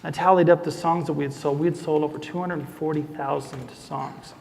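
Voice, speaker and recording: A young man with a fairly high, gravelly voice tells his story to a live audience. He is animated and acts out the people he quotes. His voice carries a long hall reverb. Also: a little fast. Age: young adult. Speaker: speaker. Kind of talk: storytelling talk.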